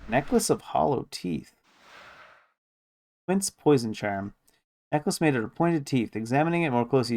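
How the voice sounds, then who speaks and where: A man's voice: medium pitch, a little mellow. A man streaming a video game, reading its story text aloud with musing asides.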